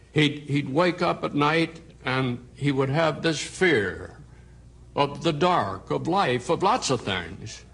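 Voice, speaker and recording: A man recites a poem slowly and gently, with a wistful tone. His voice is gravelly and husky, with creak at the ends of phrases. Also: medium pitch.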